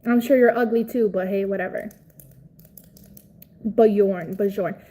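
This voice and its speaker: A woman's voice: medium pitch, steady tone, takes it slowly, dark tone, slight background noise, rough recording. A Cuban woman hosting a casual livestream, chatting with viewers in a blunt, profane, outspoken way. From Cuba. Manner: chatty, reads and answers viewer comments. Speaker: livestream host.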